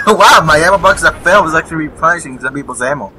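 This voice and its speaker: A man's voice: a little high, huge pitch swings, a little fast, bright, forceful tone, a little hiss or hum, rough recording. Young man rambling over gunfire. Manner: rambling, swears, chuckles at enemies. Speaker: gameplay commentator. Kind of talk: live gameplay commentary. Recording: faint gunfire and vehicles behind. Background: game gunfire and explosions.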